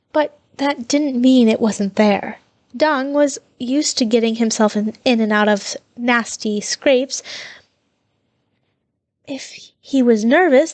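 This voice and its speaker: A woman reading fan fiction aloud in a steady way, with small slips that she corrects. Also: a little high, dry recording.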